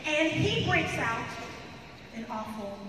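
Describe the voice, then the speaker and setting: A woman's voice: sits high, very animated, slow pace, heavy background noise. A woman giving a playful stage talk to a live audience, telling stories and teasing the crowd. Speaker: keynote speaker and pianist. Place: large hall with a live audience. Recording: echoey hall, far from the mic, music and crowd behind.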